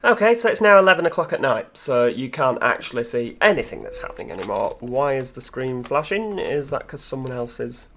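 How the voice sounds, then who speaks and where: A man's voice: mid-range voice, sing-song, fairly quick, few pauses, fairly bright tone, a little hiss or hum. A man with a Yorkshire accent hosting casual gameplay commentary, chatty, musing aloud and talking to the other drivers. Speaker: gaming channel host.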